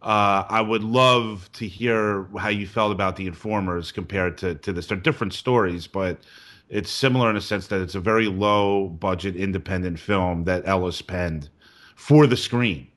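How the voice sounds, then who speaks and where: A man with a low, slightly bright voice speaking at normal speed hosts a movie podcast. In this casual review chat, he asks the others questions and steers the conversation.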